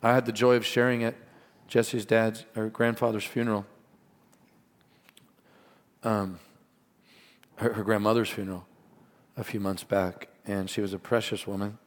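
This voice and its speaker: A man preaching a sermon as pastor, earnest and animated, mixing stories and asides with scripture. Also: fairly low pitch, moderate pace, pauses often. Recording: long hall reverb.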